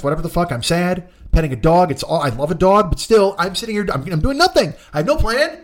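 A man hosting a podcast alone, ranting in a profane, exasperated way and jumping into shrill mock outrage. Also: fairly bright tone. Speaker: podcast host. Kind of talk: solo comedic rant.

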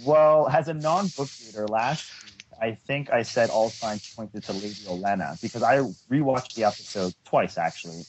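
A man co-hosting a casual TV discussion, animated and talkative. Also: mid-range voice, normal speed, muffled recording, a little hiss or hum. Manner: animated, does mocking voices when quoting. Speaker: podcast co-host.

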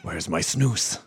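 A man hosting a casual comedy podcast, giggly and quick to break into laughter. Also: mid-range voice, darkish tone. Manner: does gruff profane character bits. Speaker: podcast host.

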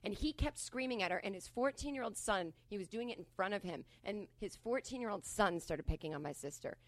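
A woman telling a comic story on a podcast, animated and profane, acting out shouted lines. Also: mid-range voice, brisk, no room sound. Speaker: podcast guest. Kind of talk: comedic storytelling.

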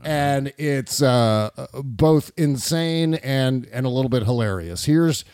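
A man's voice: medium pitch, lively intonation, slow pace, a little mellow, clear, resonant tone, no echo, studio quality. Casual man hosting a talk show. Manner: loose, filler-heavy, laughs easily. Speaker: host.

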